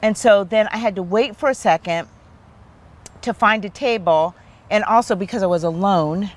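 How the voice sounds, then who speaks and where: A woman in her fifties, a therapist hosting, telling a personal story in a relaxed, animated chat. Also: mid-range voice, moderate pace. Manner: chatty, animated storyteller with many "like"s. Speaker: therapist and host.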